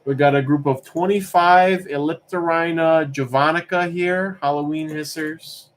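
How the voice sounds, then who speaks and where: A man hosting a live-streamed auction, chatting casually in a relaxed, rambling way as he answers chat questions between calls. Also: a little high, measured pace. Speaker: livestream auction host.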